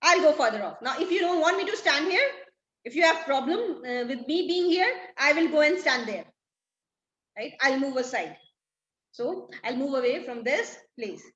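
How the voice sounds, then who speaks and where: A woman's voice: high voice, expressive, measured pace, roomy sound, lo-fi sound. A woman voicing a bewildered male jester who pleads that he did nothing wrong. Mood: bewildered, protesting. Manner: pleading, protesting. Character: bewildered male jester protesting his innocence.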